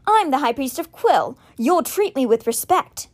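A woman voicing a cold, sneering young male high priest who talks down to his brother. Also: big pitch swings, normal speed. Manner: sneering and cool.

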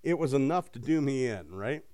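Animated, profane man chatting casually. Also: mid-range voice, normal speed, dry recording, clean studio sound. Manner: profane, laughing, animated storytelling. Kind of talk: casual chat.

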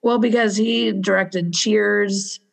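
A woman's voice: medium pitch, fairly even intonation, slow, vocal fry. A woman in casual chat, friendly, chiming in with trivia and agreement.

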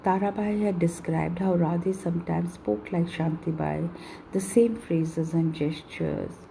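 A woman reads a novel aloud in a husky, steady voice. Her tone is dark and mellow, and the low register has a gravelly fry. She keeps a calm, measured pace. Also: slight background noise, poor audio. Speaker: narrator. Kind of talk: storybook reading.

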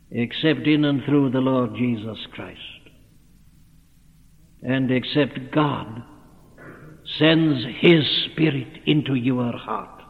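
A man with a fairly high, creaky voice preaches earnestly, building to fervent cries. The narrow, tinny audio comes from a phone-thin old sermon tape recorded in a reverberant hall.

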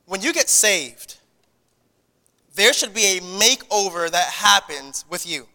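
A man's voice: high-pitched, lively intonation, slow pace, sharp tone, big-room sound. A man preaching a sermon to his congregation in a conversational style, repeating words and restarting phrases as he goes. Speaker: pastor. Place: church sanctuary.

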